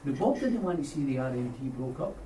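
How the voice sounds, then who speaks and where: A man's voice: medium pitch, sing-song, fast talker. Blunt Scottish man in an echoey hall. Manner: blunt, colloquial, storytelling. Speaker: trade unionist audience member. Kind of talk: impassioned debate contribution. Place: meeting room at a union debate. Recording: echoey hall, distant mic, noisy.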